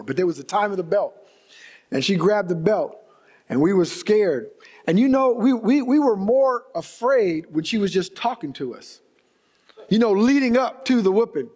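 High-voiced preacher in a reverberant hall. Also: male voice, darkish tone, husky. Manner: storytelling preacher, emphatic repetition, varied pace. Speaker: pastor. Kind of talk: sermon.

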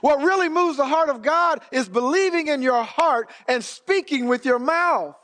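A man preaching a sermon, reading scripture slowly and calling on the congregation to respond. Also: extremely high pitch, lively intonation, a bit bright. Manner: reads scripture slowly and emphatically. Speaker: pastor.

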